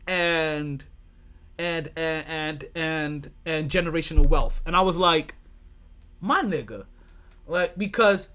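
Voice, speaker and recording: Laughing a lot and cursing without restraint, a New York man hosts a sports podcast in casual chat with his co-hosts. His voice sits high with a fairly bright tone.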